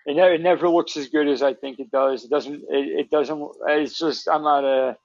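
A man's voice: fairly high pitch, steady tone, normal speed, vocal fry, a little mellow, no echo. Rambling man on a lo-fi podcast. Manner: rambling, many restarts and fillers, swears freely. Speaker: podcast co-host. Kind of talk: casual chat. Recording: dull lo-fi sound.

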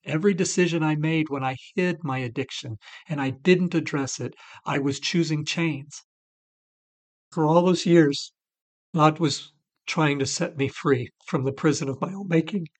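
A man's voice: fairly high pitch, normal speed. Earnest middle-aged man sharing testimony. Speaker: recovery podcast co-host. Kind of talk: faith-based recovery talk.

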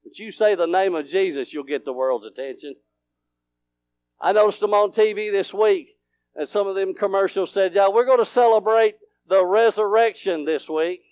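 A man preaching, his voice pitched high for a man. He swings from fervent, rising shouts down to near whispers. The sound is dry and close, with little room in it. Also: normal speed, clean tone, dry recording. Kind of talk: sermon.

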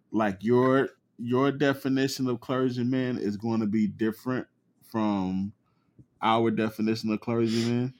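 Slow, measured man co-host. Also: lowish voice, a little mellow. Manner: measured, explaining. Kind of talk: casual talk show chat.

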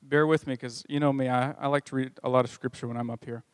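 A man's voice: mid-range voice, steady tone, fast, smooth, no room sound. A man preaching a sermon as pastor, reading scripture with a conversational manner and joking asides. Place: church.

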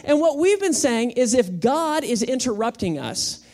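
A man in his thirties preaching a sermon as pastor, in a relaxed, conversational way full of everyday anecdotes. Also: extremely high pitch, moderate pace.

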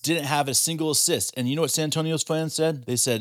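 A man's voice: fairly high pitch, steady tone, fast talker, a bit bright, no room sound, clean studio sound. A man co-hosting a casual sports talk show, arguing his point with rambling sentences and rhetorical questions. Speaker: podcast co-host.

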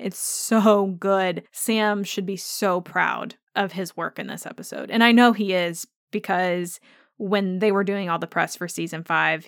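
Woman, podcast host, enthusiastic fan chat, mid-pitched, dry close mic. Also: no echo. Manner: gushing and enthusiastic, speeding up in rushes. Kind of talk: casual fan podcast commentary.

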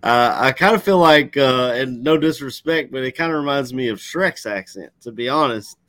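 A man's voice: mid-range voice, moderate pace, fairly bright tone, no echo. A man with a Southern US accent, chatting about football in a laid-back, easygoing way. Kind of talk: casual sports chat.

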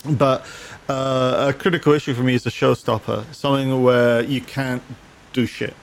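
Halting man chatting casually. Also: mid-range voice, flat delivery, vocal fry. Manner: halting, restarts with repeated words. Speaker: co-host reading viewer comments. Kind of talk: casual gaming podcast chat.

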